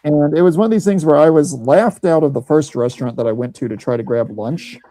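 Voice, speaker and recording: A man's voice: a little high, fairly quick, warm tone, no room sound, low-quality recording. A man from Missouri in a casual chat, telling rambling stories with many restarts. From Missouri, USA. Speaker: podcast host.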